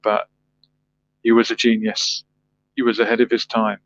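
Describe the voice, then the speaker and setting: A man's voice: lowish voice, completely flat delivery, moderate pace, fairly bright tone, a little hiss or hum. A man hosting a livestream, chatting casually, reading viewer comments and musing aloud with rhetorical questions. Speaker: livestream host. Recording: dull lo-fi dry sound.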